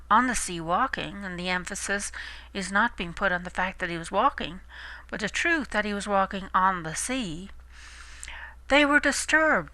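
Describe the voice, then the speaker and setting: A woman reading and explaining a Bible passage, slow and emphatic, restating words with alternate glosses. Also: medium pitch, sharp tone, no room sound, low-quality recording. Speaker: Bible teacher.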